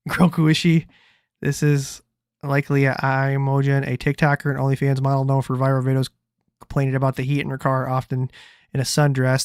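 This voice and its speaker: A man's voice: medium pitch, clean tone, no echo, clean studio sound. A man streaming casual commentary on video clips, loose and profane, rambling through his reactions.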